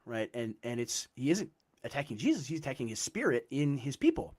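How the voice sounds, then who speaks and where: Animated man explaining scripture. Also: medium pitch, brisk. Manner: animated, explains with frequent "right?" checks. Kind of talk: casual theological discussion.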